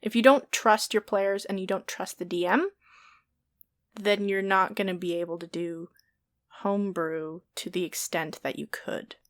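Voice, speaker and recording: A woman's voice: medium pitch, unhurried, dry recording. A woman on a podcast, chatting casually as a dungeon master, rambling and laughing often and swearing freely. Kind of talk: casual chat.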